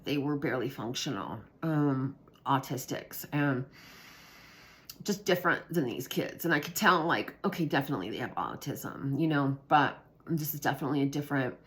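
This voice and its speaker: A woman casually telling a personal story, hesitant with many ums, sometimes dropping to a hushed whisper. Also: rumbling low, expressive, normal speed. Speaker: vlogger recounting substitute teaching.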